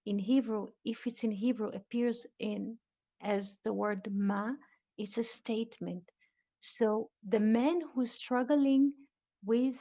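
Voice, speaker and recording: A woman teaching a live online Bible lesson, speaking deliberately and quizzing her students. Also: fairly high pitch, dark tone. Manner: slow, deliberate, questioning students. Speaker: Biblical Hebrew teacher. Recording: dull lo-fi online audio room.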